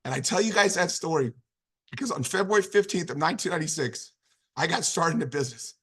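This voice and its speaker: A man's voice: a little high, lively intonation, quick pace, fairly bright tone, husky. A man in his fifties giving a motivational business talk, telling a long story with frequent restarts and filler phrases. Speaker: business opportunity speaker.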